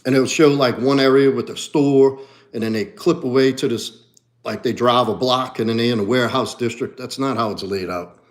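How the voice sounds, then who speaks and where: A blunt, profane middle-aged man with a New Orleans accent reads comments on a casual livestream in his role as a martial arts coach. His moderate-paced talk drops into low mutters and rises into animated bursts.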